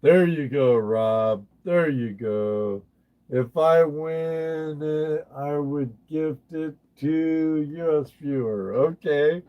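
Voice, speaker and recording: Guy hosting a live stream, real slow and drawn out, keeps repeating himself, talks to chat. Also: a little high, muffled recording. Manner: chatty, addresses chat viewers by name, repeats phrases. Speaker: livestream host. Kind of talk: casual livestream chat.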